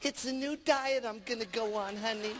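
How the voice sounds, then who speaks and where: A man voicing a shy, hopeful overweight housewife in a soft, timid voice, as part of a seminar story. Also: very high-pitched, normal speed, background noise. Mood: sheepish.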